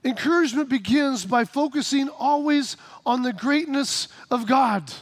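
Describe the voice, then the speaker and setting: Man, pastor, sermon, very high voice, animated preaching with shouts, dry close sound. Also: measured pace, no echo.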